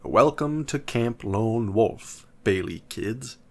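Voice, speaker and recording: Man doing a loud menacing camp owner, booms, unhurried. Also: animated. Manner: booming.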